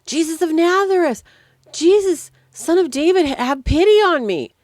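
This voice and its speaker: A woman voicing a blind male beggar who cries out loudly for mercy, high and pleading. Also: expressive, normal speed, dry recording, studio quality. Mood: desperate.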